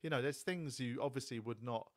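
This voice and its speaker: A man's voice: medium pitch, brisk, dry recording, studio quality. A man hosting a podcast, talking casually and rambling with lots of fillers like "like" and "you know". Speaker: podcast host. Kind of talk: casual chat.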